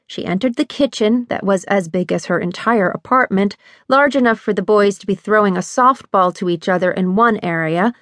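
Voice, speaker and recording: A woman narrating a suspense novel with a measured, even delivery. Her voice sits at a middle pitch. It is recorded close in a dry studio with no room sound. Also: dry recording. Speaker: audiobook narrator. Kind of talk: scripted narration.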